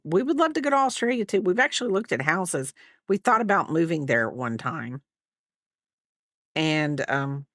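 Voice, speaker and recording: Her voice is deep and a bit bright, with lively intonation and a moderate pace. A middle-aged woman from the United States, she livestreams her crocheting and rambles chattily, answering her chat between stitches. The recording is dry, with clean studio sound.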